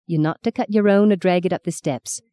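A woman's voice: fairly low pitch, a little fast, mellow, dry recording, clean studio sound, lightly acted. A woman voicing a chatty, frank Australian farm wife with an Australian accent in a storybook reading. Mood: breezy.

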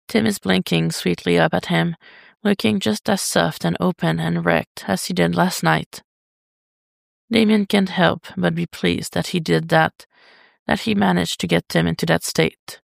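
Slow, gravelly story reader. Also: mid-range voice, no room sound, studio quality. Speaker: podfic reader. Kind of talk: audiobook fanfiction narration.

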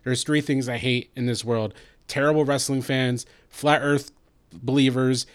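Man, podcast co-host, blunt, angry, swearing, mid-pitched voice. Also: fairly even intonation, measured pace, clean tone. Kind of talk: heated podcast discussion.

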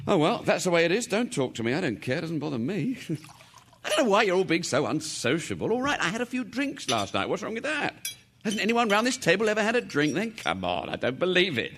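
A boisterous joker who needles a silent breakfast table, chuckling at his own lines in a lively, swooping voice set a touch high. The delivery stays teasing and playful, as in a stage comedy, with a faint hiss behind it. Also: normal speed, heavily acted. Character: cheeky hungover man teasing his sulky family.

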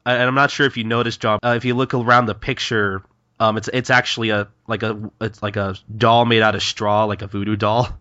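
A man's voice: lowish voice, little pitch movement, pushed and bright, dull audio. A man co-hosting a podcast, casually retelling manga scenes with lots of ums and uhs. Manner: retells scenes with quick voiced quotes, many fillers. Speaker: podcast co-host. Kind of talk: casual chat recapping a manga.

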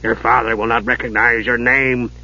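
A man voicing a worried old male dwarf with a deep, grim voice, giving dread-filled warnings. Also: little pitch movement, moderate pace, sharp tone. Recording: dull lo-fi audio.

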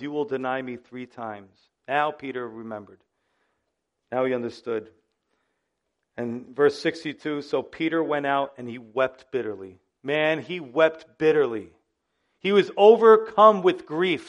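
A male pastor with a slightly high voice preaches in a lively, conversational way. He speaks straight to his listeners with frequent asides. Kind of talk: sermon.

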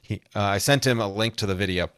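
A man's voice: fairly low pitch, fast, a bit bright, clean tone, no room sound, studio quality. A man chatting as a podcast guest, rambling through asides and laughing often. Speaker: podcast guest, comedy songwriter. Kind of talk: casual interview chat.

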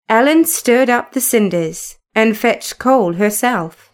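A woman narrating a classic novel in a measured, even reading voice. She speaks slowly and deliberately, with a fairly high pitch. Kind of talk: scripted storybook narration.

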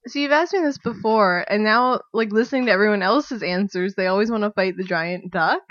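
A woman guest on a podcast chatting casually and telling a story, animated and giggly, acting out what people said. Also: fairly quick, no echo, highs cut off. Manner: animated, giggly, acts out quotes in a high voice.

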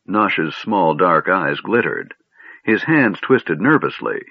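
A man narrating a fantasy audiobook in a measured storytelling manner, recorded on a narrow phone-like line. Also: sits low, big pitch swings, vocal fry, no room sound. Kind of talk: scripted narration.

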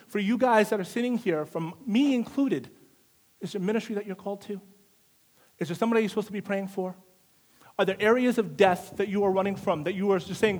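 High-voiced man preaching emphatically. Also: animated, a little fast, darkish tone. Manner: emphatic, repeats phrases for stress. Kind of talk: live sermon. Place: church service.

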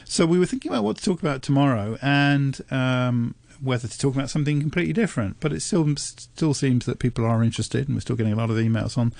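A man presenting on radio, chatting casually in a studio, thoughtful and hesitant with many pauses. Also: medium pitch, gravelly, a little mellow, no echo. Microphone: studio microphone.

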